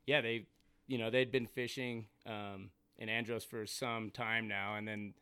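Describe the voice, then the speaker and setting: Podcast guest, man, relaxed and casual, smooth clear voice, dry close mic. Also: on the low side, a little slow, no echo. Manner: relaxed, laid-back, lots of fillers like "you know" and "um". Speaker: podcast guest, fly fisherman. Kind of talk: casual chat.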